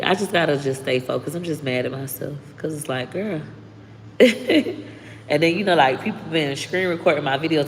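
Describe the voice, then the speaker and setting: A woman chatting casually to viewers on her live stream, talking bluntly and candidly, swearing freely and thanking commenters often. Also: rumbling low. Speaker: livestreaming content creator. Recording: reverberant room with faint background noise.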